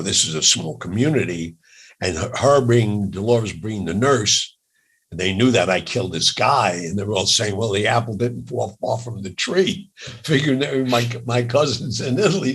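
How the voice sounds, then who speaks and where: An older man with a raspy voice, telling lively jokey stories as an interview guest. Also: mid-range voice. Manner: animated, jokey, laughs through stories. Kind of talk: storytelling in a casual interview.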